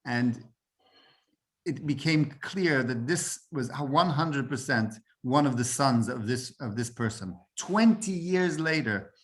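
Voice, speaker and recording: A man's voice: medium pitch, expressive, slow pace. A man teaching a Torah class as a rabbi, often repeating words while finding his phrasing and mixing Hebrew and Yiddish terms into English. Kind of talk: informal Torah lesson.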